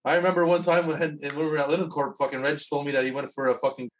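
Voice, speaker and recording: A man's voice: on the high side, steady tone, rapid-fire. A man telling profane stories in casual banter with friends and laughing along. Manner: profane storyteller, laughs at his own jokes.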